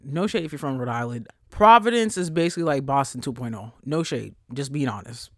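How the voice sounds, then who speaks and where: This solo podcaster, a young adult, speaks expressively and fairly quickly, barely pausing, with a dry, close sound and no room tone. Her mid-range voice swings widely in pitch through a blunt, profane, sassy ranting monologue.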